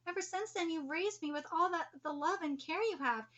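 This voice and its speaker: A woman's voice: very high voice, a little fast, a bit bright, highs cut off. A woman reading as a blunt loving teenage girl. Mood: tender.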